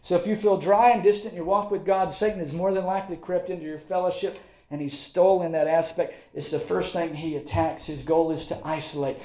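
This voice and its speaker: Preaching to his congregation, a Southern US pastor speaks in a high, tenor-leaning voice that stays steady and warm. His sermon is folksy, with lines repeated for emphasis and quick asides tucked in, all carrying the roomy echo of a church sanctuary.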